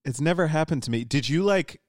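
A man with a fairly high voice and lively pitch, still stuffy and a little raspy from a cold. He chats casually and asks curious questions. The sound is dry and close. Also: a little fast, dry recording. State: congested, slightly raspy from a cold. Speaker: podcast co-host. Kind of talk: casual chat.

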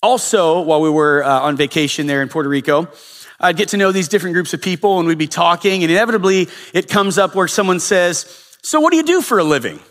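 A man's voice: a little high, fairly even intonation, fast, a bit bright. A male pastor giving a sermon in a casual storytelling way, with frequent filler uhs. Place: church sanctuary. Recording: long reverb of a church hall.

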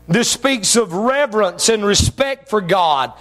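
High-voiced preacher in a reverberant hall. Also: male voice, animated. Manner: preaching with shouted emphasis and drawn-out phrases. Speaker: pastor. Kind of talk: sermon. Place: church sanctuary. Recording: long reverb of a church hall.

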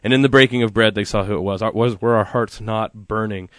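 Animated male radio co-host, dry sound. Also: lowish voice, fast talker, no room sound. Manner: animated storytelling with many fillers. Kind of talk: casual faith discussion.

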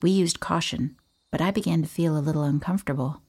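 A woman reading a first-person audiobook in a calm, even storytelling manner. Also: sits low, fast talker, slightly rough. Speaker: audiobook narrator.

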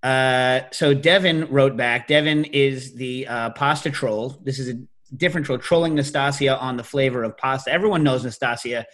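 A middle-aged man hosting a casual chat, telling stories with lively energy and jumping into loud, high-pitched imitations. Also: normal speed. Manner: animated storyteller, leaps to high shouted imitations. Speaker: podcast host.

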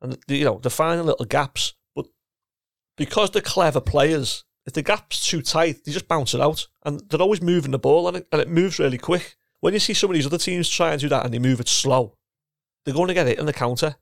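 A middle-aged man who used to play and coach football chats casually, rambling, repeating words and restarting often. His voice is a little high and brisk with some vocal fry, in a dry, clean studio recording.

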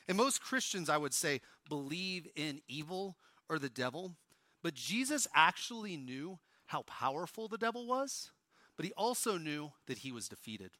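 A high, bright-toned male pastor from Oklahoma delivering a sermon on stage. He is animated, rising loud and dropping to a hush. The sound is close and dry, with no room echo. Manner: animated, swings from loud to hushed.

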